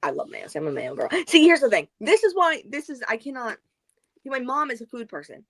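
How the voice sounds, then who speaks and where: A woman co-hosting a book club livestream, chatting casually and going off on rambling, animated tangents. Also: high voice, a little fast. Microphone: video call.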